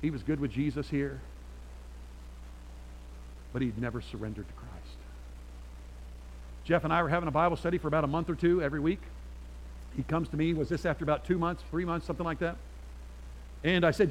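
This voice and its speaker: A man preaching a sermon to a church congregation, switching between forceful appeals and quiet storytelling. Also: a little high, a little fast, pauses often, a little hiss or hum, rough recording. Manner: emphatic, swings from loud exhortation to quiet storytelling. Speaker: pastor.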